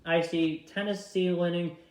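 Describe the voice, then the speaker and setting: A young man with a fairly high voice talks through his bracket picks in a casual, chatty way. He moves quickly from game to game and keeps apologizing for tapping the wrong teams. The room around him sounds echoey. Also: flat delivery, darkish tone. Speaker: vlogger filling out a tournament bracket. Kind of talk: casual bracket-pick commentary.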